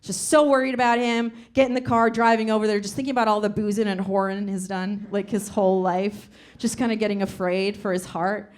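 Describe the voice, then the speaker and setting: A young woman from the Soviet Union performing stand-up comedy on a club stage, telling a story in a chatty way with deadpan punchlines. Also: mid-range voice, fairly quick, hardly any pauses.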